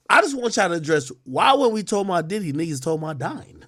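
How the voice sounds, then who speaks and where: A man streaming casual reaction commentary, profane and quick to laugh. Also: on the high side, slightly rough, dry recording, clean studio sound. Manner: profane, animated, laughs often.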